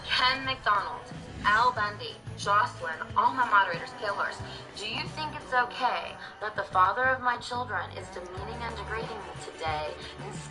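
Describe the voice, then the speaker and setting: A woman's voice: medium pitch, low-quality recording. A woman livestreaming, going on a dramatic, scattered rant as she talks to her viewers.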